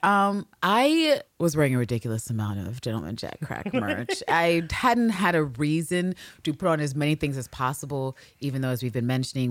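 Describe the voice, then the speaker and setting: A woman co-hosting a podcast, telling a story in animated casual chat, swearing and breaking into loud laughter. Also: a bass voice, no room sound, clean studio sound. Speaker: podcast co-host.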